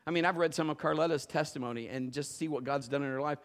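A male pastor preaching a sermon in a conversational storytelling way, building to loud emphatic bursts. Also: a little high, fast talker.

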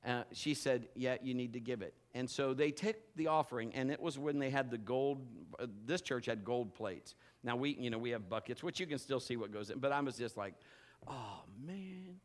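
A middle-aged man preaching a sermon in a church service, telling personal stories with loud bursts and quiet asides. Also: brisk, hardly any pauses. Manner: animated storytelling, swinging between loud bursts and low asides. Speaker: pastor.

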